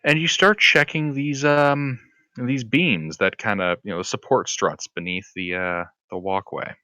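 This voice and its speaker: Bright-voiced guy running the game. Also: lowish voice, fairly even intonation, no room sound. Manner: halting, filler-heavy narration. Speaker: game master. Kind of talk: narrating a tabletop game.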